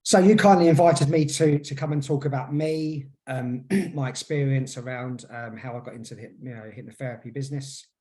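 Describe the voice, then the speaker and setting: A slightly mellow, medium-pitched male voice moves a little quickly with few pauses. It belongs to a hypnotherapist in his forties, a guest on a laid-back podcast, whose storytelling is hesitant and crowded with fillers and restarts.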